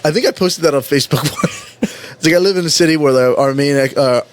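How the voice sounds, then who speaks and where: A man's voice: a little high, quick pace, slight background noise. A man with a Miami accent chatting casually, laughing often and agreeing with the others. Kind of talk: casual chat.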